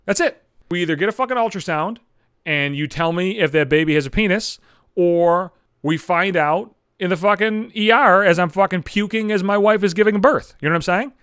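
A man's voice: high-pitched, fairly quick, a bit bright, clear, resonant tone, no room sound, studio quality. A young man in a profane, sarcastic comedic rant. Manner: ranting, profane, sarcastic, with mocking voices for others.

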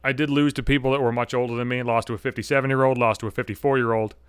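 A man's voice: medium pitch, steady tone, very fast, smooth, no room sound. A man in his thirties hosting a solo podcast, telling a story in a brash, profane, sardonic rant. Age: 30s. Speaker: podcast host.

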